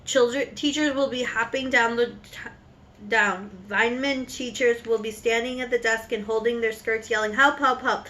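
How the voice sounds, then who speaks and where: A woman's voice: fairly high pitch, steady tone, moderate pace, low-quality recording. A woman reading as a gloating witch queen. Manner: shouting, stumbling over words. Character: cruel gloating female witch leader.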